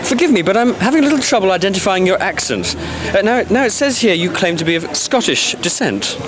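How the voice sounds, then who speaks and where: A man presents a mock-serious documentary in a pompous, dramatic way. His voice sits a little high and moves up and down a lot. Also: sing-song, a little fast, a crowd in the background.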